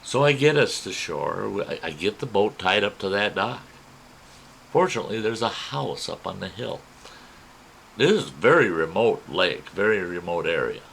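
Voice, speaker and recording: Male storyteller, lowish voice, folksy and animated, faint ambient hiss. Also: normal speed, gravelly, poor audio. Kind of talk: spoken personal story.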